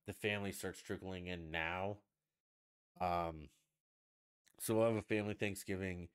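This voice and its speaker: Low-voiced man ranting profanely. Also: clear, resonant tone. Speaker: livestream host. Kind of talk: casual ranting chat.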